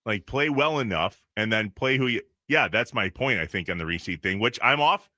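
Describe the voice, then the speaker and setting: A man co-hosting a sports radio show, ranting in quick bursts in a casual talk style. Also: fairly low pitch, expressive, sharp tone, no echo, clean studio sound. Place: radio studio. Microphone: studio microphone.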